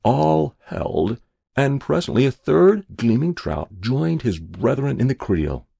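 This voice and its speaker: A man reading a story aloud in a measured, expressive way. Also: medium pitch, gravelly, breathy edge, dry recording, studio quality. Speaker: narrator.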